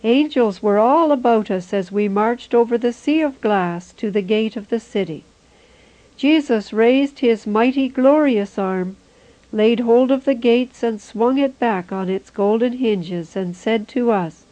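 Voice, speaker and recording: A woman reading a religious vision text aloud in a slow, solemn, even way. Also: a little high, lo-fi sound. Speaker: reader.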